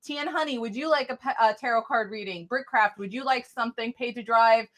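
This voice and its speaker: A woman's voice: fairly high pitch, brisk, a bit bright. A woman chatting casually on a live stream, reading out viewer names, thanking viewers and apologizing a lot. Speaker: live-stream tarot reader.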